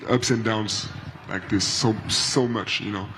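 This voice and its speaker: Brief: low male athlete voice, press-room clip with faint hiss. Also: fairly even intonation, fairly bright tone, low-quality recording. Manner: measured, searching for words. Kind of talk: post-game press conference.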